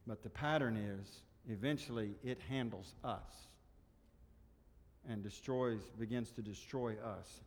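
A man preaching a sermon, earnest and exhorting, often dropping softer to drive a point home. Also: lowish voice, unhurried, big-room sound. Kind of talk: sermon with story reading.

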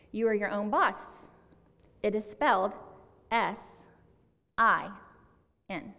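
Female preacher, earnest and conversational, slows for emphasis, mid-pitched, hall reverb. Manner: earnest, conversational, stresses words by slowing down. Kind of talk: sermon.

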